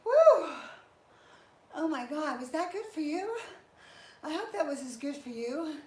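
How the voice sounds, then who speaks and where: During a live indoor workout, a woman fitness trainer chats and cheers people on while exercising herself. Her high voice is animated and moves at a moderate pace. The audio carries an echo and a faint hum of noise.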